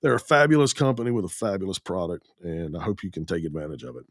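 A man's voice: sits low, very animated, fast, no room sound, clean studio sound. A man hosting a solo podcast, ranting bluntly and swearing, sick with an ear infection. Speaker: podcast host. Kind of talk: angry solo podcast rant.

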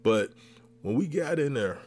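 A man hosting a podcast, telling a comic story with lively re-enactments of his own reactions. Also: medium pitch, a little slow. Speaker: podcast host. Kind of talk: comedic storytelling.

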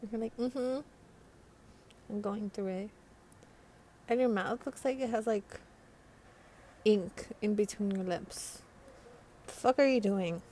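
A woman's voice: a little high, warm tone, a little hiss or hum. A young woman hosting a podcast, rambling casually with slang and swearing, sounding congested from a cold. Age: teens. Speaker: podcast host. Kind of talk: casual late-night monologue. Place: by a window at night.

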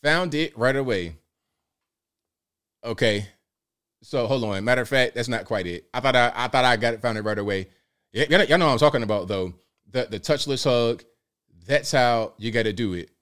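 A man at a desk mic hosting a live stream, his pitch sitting in an ordinary middle range. He jokes around in loose, slangy talk, calling out to his viewers as he clicks through clips. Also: normal speed, pauses often, smooth. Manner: joking, animated, talks to viewers, slangy. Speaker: show host. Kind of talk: casual live-stream commentary.

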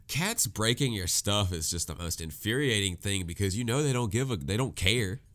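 A man's voice: lowish voice, expressive, moderate pace, fairly bright tone. A man co-hosting a casual chat, talking animatedly, acting out quoted voices and laughing often. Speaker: podcast co-host.

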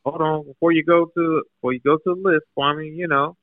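Calm man on a dull phone line. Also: on the high side, fairly quick, no room sound. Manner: calm, hesitant, placating. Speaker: guest on phone call.

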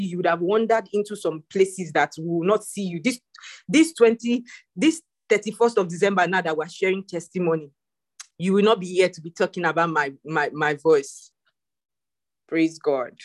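A woman leading a church prayer call, preaching and joking with animated swings in voice. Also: on the low side. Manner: animated, preachy, laughs and jokes. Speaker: prayer group leader. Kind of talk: testimony session on a call.

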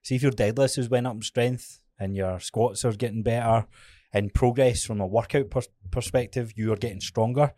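Scottish male fitness coach, podcast co-host; candid, profane, animated storyteller; mid pitch, dry close mic. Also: moderate pace, no room sound. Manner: frank, swears often, acts out his own anecdotes. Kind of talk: casual podcast chat.

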